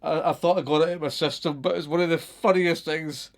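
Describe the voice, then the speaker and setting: A man from Scotland with a Scottish accent, telling stories casually to his viewers, animated, laughing often and swearing freely. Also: fairly high pitch, a little fast. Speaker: vlogger. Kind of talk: casual storytelling to camera.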